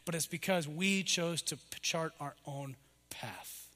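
A middle-aged male pastor delivers a sermon at an unhurried pace, his notably high voice climbing for emphasis before dropping to a soft, low murmur. A long reverb follows his words, as though he were in a large church sanctuary.

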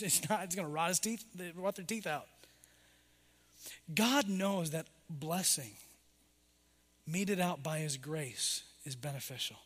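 A middle-aged male pastor preaches with a notably high voice that climbs for emphasis and then drops to a soft low murmur. His words ring out with a long reverb, as in a large church sanctuary. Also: husky. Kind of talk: sermon.

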